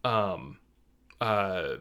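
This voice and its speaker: A young man chats on a podcast in a slightly low voice. He rambles and restarts, stacking fillers, and gets animated as his rant builds. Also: extremely slow, clear, resonant tone. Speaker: podcast co-host. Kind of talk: casual podcast chat.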